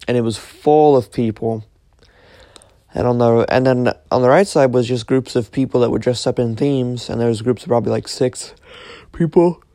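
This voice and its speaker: A man's voice: medium pitch, mellow, no echo, studio quality. A young man casually retelling a dream, rambling with lots of fillers and restarts. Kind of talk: casual storytelling, recounting a dream.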